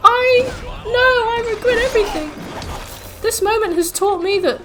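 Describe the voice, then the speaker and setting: A woman doing a squeaky pleading game girl. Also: measured pace, noisy background. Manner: high-pitched, pleading, melodramatic. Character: frightened young woman game character begging for her life.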